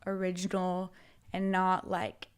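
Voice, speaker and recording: A woman from Oregon, a podcast guest telling her stories in a lively, profane way, with "like" in nearly every sentence. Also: fairly low pitch, takes it slowly, smooth. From Oregon, USA. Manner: animated, profane, heavy use of "like". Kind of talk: casual storytelling.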